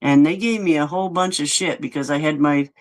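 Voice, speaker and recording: A man in casual chat, telling a work story in an unhurried, laid-back way. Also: fairly high pitch, noisy background.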